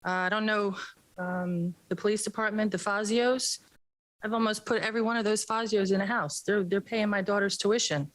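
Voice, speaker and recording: A woman's voice: medium pitch, normal speed, no room sound, poor audio. A middle-aged woman making chatty announcements at a council meeting and pleading for council members to show up to events. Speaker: chamber of commerce representative. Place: city council chamber.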